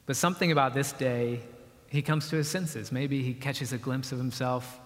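A man's voice: mid-range voice, steady tone, moderate pace. Man preaching in a reverberant hall. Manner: conversational and explanatory, with acted-out quotes. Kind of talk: sermon.

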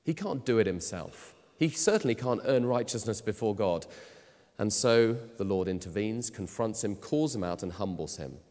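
A man preaching a sermon in an emphatic way, often swinging between loud, stressed phrases and quiet ones. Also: lowish voice, animated, moderate pace. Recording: long hall reverb.

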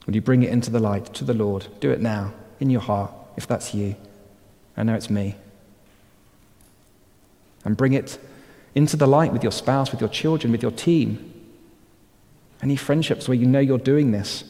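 Male pastor, earnest sermon, medium pitch, reverberant church hall. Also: moderate pace, pauses often. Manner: earnest exhortation, trailing to quiet emphatic phrases.

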